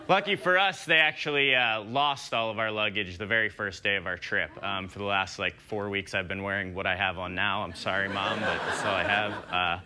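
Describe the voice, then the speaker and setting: A man's voice: on the low side, a little fast, few pauses. Young male stand-up comic, casual rambling self-deprecating patter, noisy TV stage recording. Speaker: stand-up comedian. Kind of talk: stand-up comedy set. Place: TV studio stage before a live audience.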